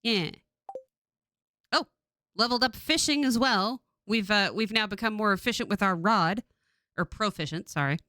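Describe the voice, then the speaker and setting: A woman's voice: mid-range voice, normal speed, pauses often, no echo. A woman in her forties from California, chatting casually and laughing often while streaming a game. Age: 40s. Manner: rambling, laughs often, animated.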